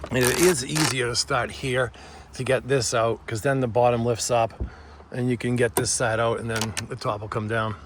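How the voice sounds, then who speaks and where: A man's voice: medium pitch, fairly even intonation, moderate pace, heavy background noise. A man with a Boston accent, casually walking viewers through a hands-on car job with chatty, joking asides. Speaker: DIY tutorial host. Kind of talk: casual how-to walkthrough.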